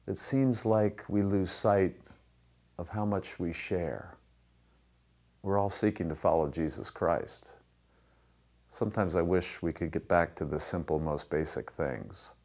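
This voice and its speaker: A man with a fairly low voice preaches a sermon. His tone is conversational and relaxed, and he works lighthearted jokes into his teaching. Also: measured pace. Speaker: pastor.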